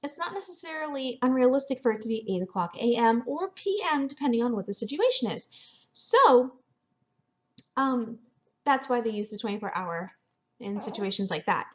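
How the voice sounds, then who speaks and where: Brief: woman, French teacher, higher voice, dull lo-fi recording, step-by-step lecture tone. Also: animated, normal speed. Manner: explains step by step, mixing in French phrases. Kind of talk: classroom lecture over slides.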